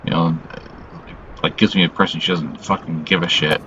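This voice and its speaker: Weary low-voiced man in a vlog. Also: fairly even intonation, highs cut off, background noise. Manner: halting, heavy on "you know" fillers, frequent swearing; weary and subdued. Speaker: channel host. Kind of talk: casual confessional vlog monologue.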